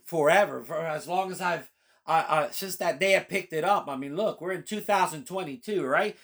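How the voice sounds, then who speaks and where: A man's voice: high voice, a bit bright. Male pastor, testimony sermon; fervent, emphatic, repetitive preaching. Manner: fervent, emphatic, repeats key phrases. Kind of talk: personal testimony sermon reading scripture.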